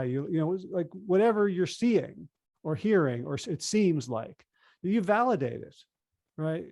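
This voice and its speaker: Animated man with a dry close sound. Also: sits high, normal speed, no room sound. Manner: animated, acts out quoted dialogue. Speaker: interview guest, author. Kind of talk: conversational interview.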